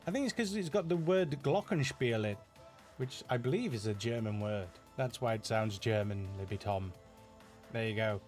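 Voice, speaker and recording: A man's voice: medium pitch, normal speed, darkish tone. Man, Yorkshire accent, middle-aged, casual live Q&A, rambling and self-deprecating, faint background music. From Yorkshire, England. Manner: chatty and self-deprecating, many fillers and restarts. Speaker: animator answering viewer questions.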